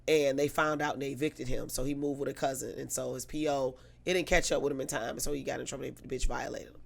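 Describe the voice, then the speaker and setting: A woman guest telling a story in casual chat, animated and profane, acting out the people she quotes. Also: extremely low pitch, fast, creaky.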